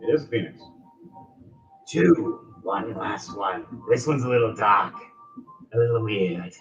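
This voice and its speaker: A man running a tabletop game as game master, telling crude jokes in a joking, animated way. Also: on the low side, slow, slight background noise. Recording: dull lo-fi sound, distant from mic.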